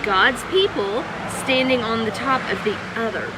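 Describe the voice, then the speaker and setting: A middle-aged woman reading a children's Bible story aloud in a live stream, expressive, asking her viewers questions. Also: on the high side, normal speed, heavy background noise. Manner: animated and expressive, with gasps and questions to the audience.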